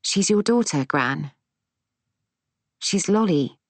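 A woman voicing a gentle soothing granddaughter. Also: on the low side, animated, slow pace, no echo, pitched above the performer's own voice, heavily acted.

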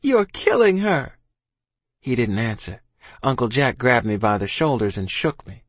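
A man's voice: lowish voice, normal speed, fairly bright tone, no room sound. Earnest man narrating a storybook. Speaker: audiobook narrator. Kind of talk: first-person storybook narration.

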